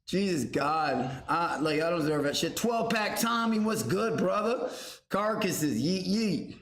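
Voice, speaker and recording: A young man hosting a livestream from his garage, loud and profane, shouting out names from chat. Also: high voice, expressive, measured pace. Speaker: livestream host. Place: home garage. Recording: roomy garage echo.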